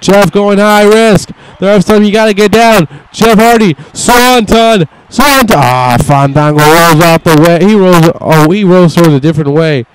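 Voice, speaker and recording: A young man calls a wrestling video game match like a play-by-play announcer, in a smooth, clear voice pitched a touch high. He talks casually, swears freely and drops into little asides that voice what the wrestlers are thinking. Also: normal speed, few pauses, rough recording. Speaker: gameplay commentator.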